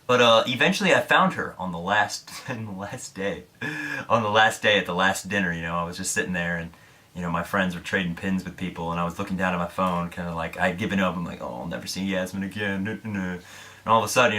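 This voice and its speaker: A man's voice: low voice, fairly quick, sharp tone. A young man from Indiana, a vlogger telling a story to camera in a candid, self-deprecating way, swearing freely.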